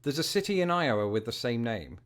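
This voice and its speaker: A man's voice: medium pitch, big pitch swings, fairly quick, a bit bright. A British man in his thirties giving scripted, dryly humorous narration. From Britain. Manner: wry, dry, wordy humor. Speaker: video narrator.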